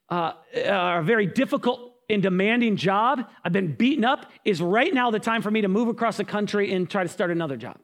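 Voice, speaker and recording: High-voiced pastor preaching a sermon. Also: male voice. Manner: animated storytelling with quick bursts.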